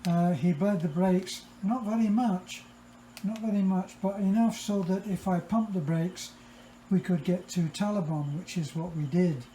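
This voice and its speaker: A man telling a travel story casually, explaining events step by step in a measured way. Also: high voice, mellow, a little hiss or hum. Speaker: co-host. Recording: roomy echo.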